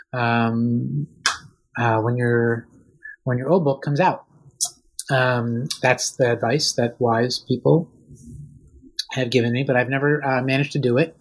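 A man's voice: medium pitch, poor audio. A man in his thirties, an author being interviewed, talking casually and hesitantly with many ums and restarts. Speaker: author guest.

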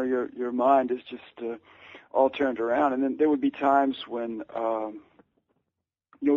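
A man's voice: medium pitch, vocal fry, dry recording, narrow, tinny audio. A male author and writing teacher, interviewed and telling a story at length, hesitant, with many fillers and restarts.

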